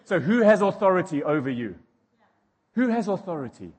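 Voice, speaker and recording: A man's voice: high-pitched, big pitch swings, normal speed, slightly rough, in a large hall. A male preacher delivering a sermon, emphatic and repeating key phrases as he builds intensity.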